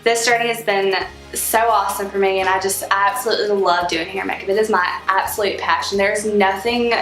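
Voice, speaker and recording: A woman's voice: medium pitch, fairly even intonation, brisk, fairly bright tone, roomy sound, faint music behind, rough recording. A woman in her late twenties from Alabama with a Southern accent, chatting casually and cheerfully to camera in a vlog. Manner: chatty, upbeat, laughs often. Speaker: beauty vlogger.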